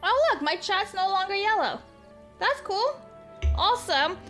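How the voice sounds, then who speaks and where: A woman live-streaming a game, rambling through stories and reading donations in a casual, swearing, animated way. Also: very high-pitched, measured pace, soft background music. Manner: rambling, swears freely, laughs at her own stories.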